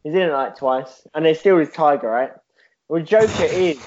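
A man's voice: on the high side, animated, normal speed, darkish tone, highs cut off. A man co-hosting a podcast in casual chat, rambling through a silly story with laughs and swearing. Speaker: podcast co-host.

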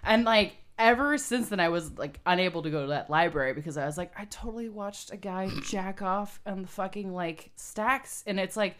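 A young adult woman speaks in an ordinary middle register, recounting a story in a loose, candid and crude way. She talks casually among friends, sometimes rushing ahead. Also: mid-range voice, a bit bright. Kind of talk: casual chat.

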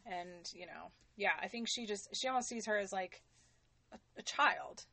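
A woman's voice: mid-range voice, normal speed, gravelly, pushed and bright, dry recording. Chatty, swearing woman podcaster. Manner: loose, profane, lots of "like". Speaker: podcast co-host. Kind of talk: casual chat.

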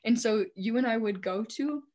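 A young woman co-hosting a casual chat, telling animated stories and swearing a lot. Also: on the high side, moderate pace. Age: young adult.

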